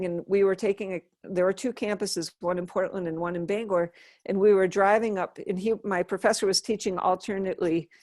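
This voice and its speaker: Woman in her fifties, lively storyteller, dry close sound, acts out voices. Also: on the low side, no room sound. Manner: animated storyteller, acts out quoted dialogue. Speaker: interview guest, Buddhist nun. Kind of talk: storytelling in a relaxed interview.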